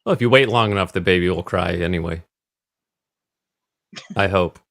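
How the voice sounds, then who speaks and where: A man co-hosting a casual movie review chat, calmly walking through scenes with short agreements. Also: low-pitched, moderate pace, vocal fry. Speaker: podcast co-host.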